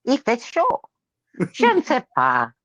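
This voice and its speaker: A woman's voice: sits high, wildly swooping pitch, slow pace, fairly bright tone, dry recording, dull audio, heavily acted. A woman putting on a mock French accent, playing a flirty Frenchwoman.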